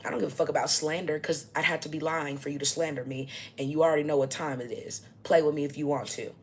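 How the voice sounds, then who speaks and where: Low-voiced woman ranting bluntly. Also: steady tone, fast, a little hiss or hum. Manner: blunt, profane, combative preaching. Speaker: self-styled spiritual teacher. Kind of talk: ranting monologue to camera.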